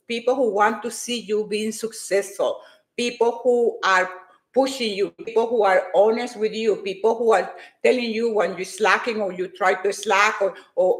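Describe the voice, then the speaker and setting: A woman's voice: medium pitch, reverberant. A woman giving a hyper, emphatic motivational talk to her live-stream viewers, repeating her points with force.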